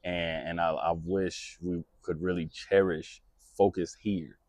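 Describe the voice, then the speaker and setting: Man, very low voice, rambling podcast host, dry close sound. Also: fairly even intonation, a little slow, darkish tone, no echo. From United States. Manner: rambling, many restarts, laughs at own jokes. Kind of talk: casual chat.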